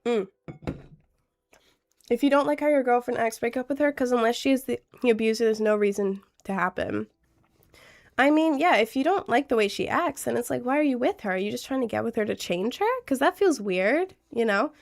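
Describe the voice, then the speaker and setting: Young woman streamer, fairly high voice, earnest and rambling advice-giver with lots of "like"s. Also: animated, a little fast, vocal fry. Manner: chatty, earnest, advice-giving with lots of fillers. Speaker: streamer giving relationship advice to chat. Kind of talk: casual livestream chat.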